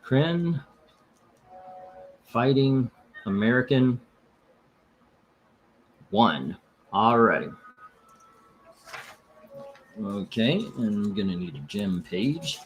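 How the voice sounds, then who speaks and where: A man's voice: lowish voice, lively intonation, very slow, long pauses, faint music behind. Rambling, jokey man hosting a live stream. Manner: rambling and jokey, reads out viewer comments. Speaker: host of a live comic book auction stream. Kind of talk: casual livestream chat.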